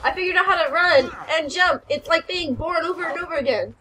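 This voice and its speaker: Giddy high-voiced young woman gamer. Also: fairly quick. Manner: crude, giddy and loud. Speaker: let's play co-host. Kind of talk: casual gaming chat.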